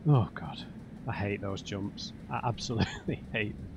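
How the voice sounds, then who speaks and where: A man commentating a blind gameplay run, chatty and self-mocking, often bursting into loud exclamations. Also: on the low side, normal speed, creaky, highs cut off. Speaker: let's play host. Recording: noticeable background noise.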